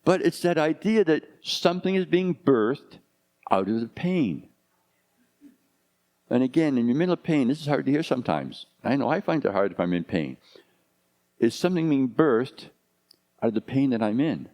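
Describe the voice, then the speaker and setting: A man's voice: mid-range voice, gravelly, darkish tone. A man in his fifties, a pastor preaching a conversational sermon full of rhetorical questions.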